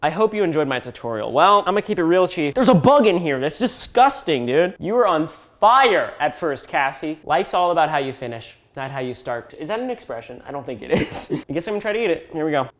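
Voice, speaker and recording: A man's voice: on the high side, sing-song, fairly quick, hardly any pauses, a bit bright. A young man doing comedic vlog commentary, playful and sarcastic with exaggerated outbursts. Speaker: YouTuber.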